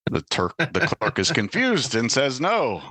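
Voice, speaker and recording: A man chatting as a podcast guest, his pitch rising and falling freely as he tells corny jokes. His voice is bright and forward. The recording is dry and close, with no room sound. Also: wildly swooping pitch, measured pace, no echo. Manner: tells dad jokes with quoted voices, laughs at his own jokes. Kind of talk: casual podcast chat.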